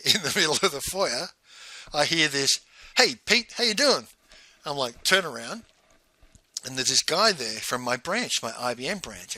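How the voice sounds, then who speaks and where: A middle-aged man telling a personal story in a casual monologue, animated and acting out both sides of the remembered dialogue. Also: mid-range voice, no echo.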